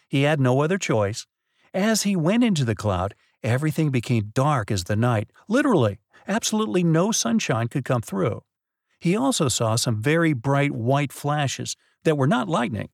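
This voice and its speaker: With a creaky, sing-song voice on the high side, a man co-hosting a podcast patiently spins a mystery story at moderate pace, building drama as he goes. It's casual storytelling chat, with clean studio sound and no echo.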